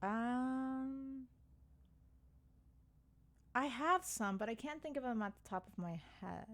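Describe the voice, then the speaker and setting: A woman co-hosting a casual podcast, gushing excitedly and acting out lines from films. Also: high-pitched, slow pace. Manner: excitable, gushing, acts out quotes. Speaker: podcast co-host.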